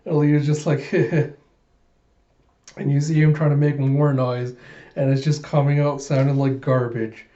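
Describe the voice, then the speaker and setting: A man casually retelling a comic, animated, often laughing and saying "you know". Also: mid-range voice, unhurried. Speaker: comic readthrough host. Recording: roomy and dull.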